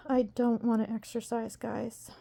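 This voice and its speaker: A woman's voice: on the high side, gravelly, dark tone, slightly rough. Woman, home vlog, rambling, self-deprecating, exasperated, casual. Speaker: vlogger.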